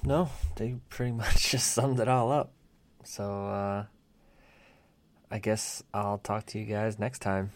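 A man chiming in briefly on a podcast, relaxed and speaking in short replies. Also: on the low side, slow pace. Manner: brief, laid-back replies. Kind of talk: casual podcast chat. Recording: distant from the mic.

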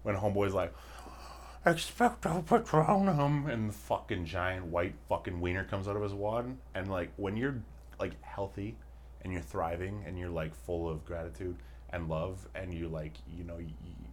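Young man, very low voice, casual swearing podcast host, rambling stories, faint background hiss. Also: steady tone, moderate pace. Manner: profane, rambling storyteller. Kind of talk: casual chat.

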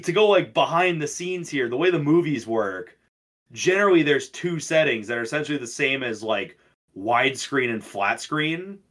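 A young man in a loose, casual podcast chat, his voice sitting at an ordinary middle pitch. He rants in a profane, storytelling way, piling up complaints. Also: fairly bright tone. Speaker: podcast co-host.

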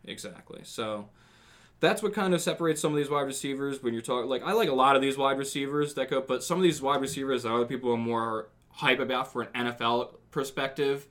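A man's voice: mid-range voice, a bit bright. Casual man chatting about fantasy football. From not from the South. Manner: rambling, thinks aloud with restarts. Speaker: podcast host. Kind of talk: casual sports chat.

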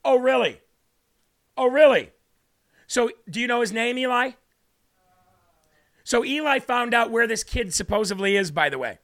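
A man hosting a political talk show with a high, gravelly voice and a bright, tense edge. He rants with heavy sarcasm and animated emphasis, turning to his co-host now and then. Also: normal speed, pauses often.

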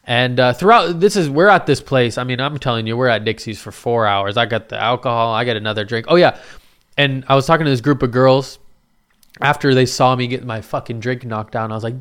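Animated young man swearing through a story. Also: mid-range voice, fast, clean tone. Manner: animated, swearing, acts out voices in quotes. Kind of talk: casual storytelling.

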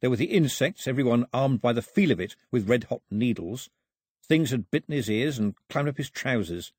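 Husky male audiobook narrator, wry and lively. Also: medium pitch, moderate pace, no room sound, studio quality. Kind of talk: scripted narration.

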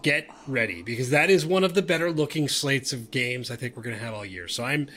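A man co-hosting a casual sports podcast, excitable and animated, with stammering restarts. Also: mid-range voice, fairly quick. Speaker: podcast co-host.

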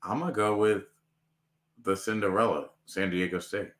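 A man's voice: on the low side, fairly even intonation, moderate pace, fairly bright tone. A man co-hosting a casual podcast, mostly giving short reactions and laughing. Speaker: podcast co-host. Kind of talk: casual chat.

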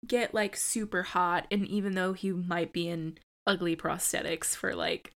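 A woman's voice: lowish voice, steady tone, a little slow, fairly bright tone. A woman co-hosting a podcast in casual chat, enthusiastic, swearing and saying "like" a lot. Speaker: podcast co-host.

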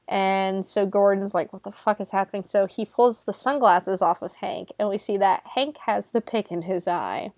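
A woman's voice: medium pitch, steady tone, normal speed, few pauses, darkish tone, no room sound. A woman casually recapping a horror movie scene by scene, chatty and profane, often laughing. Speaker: movie reviewer.

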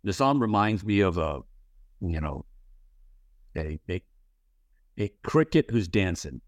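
Low-voiced man rambling through advice. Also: very animated, takes it slowly, dry recording. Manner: rambling, full of "you know" and restarts; candid, swears casually. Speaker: interviewer, playwright and actor. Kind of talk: casual interview talk.

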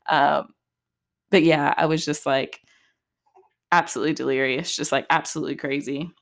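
A woman's voice: low-pitched, fairly even intonation, moderate pace. A young woman telling a personal story on a podcast in a casual, chatty way, full of "like" and "just". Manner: chatty, heavy use of "like" and "just". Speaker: podcast host.

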